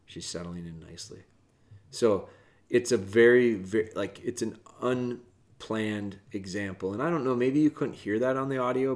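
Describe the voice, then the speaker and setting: A man hosting a casual podcast from home, talking earnestly and rambling with restarts, often dropping to a soft, quiet voice. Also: on the low side. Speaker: podcast host, dog trainer. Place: home, with dogs in the room.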